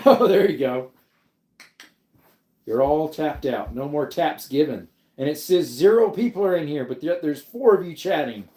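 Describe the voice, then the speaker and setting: A man's voice: a little high, expressive, measured pace, dark tone. A man hosting a casual livestream, rambling loosely and answering viewers' chat as he reads it. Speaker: livestream host. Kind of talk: casual live stream chat. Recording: echoey room.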